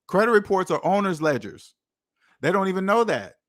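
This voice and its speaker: A man's voice: sits high, very animated, moderate pace, fairly bright tone, no echo, clean studio sound. A man hosting his own channel, giving a repetitive, emphatic casual monologue. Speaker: channel host.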